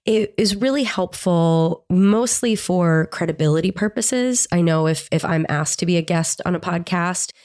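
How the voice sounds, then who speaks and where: A woman's voice: fairly low pitch, normal speed, few pauses, a little mellow. A woman podcast host and psychotherapist with a stuffy nose from a cold, chatting candidly and poking fun at herself. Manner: candid, chatty and self-deprecating. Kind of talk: casual solo podcast chat.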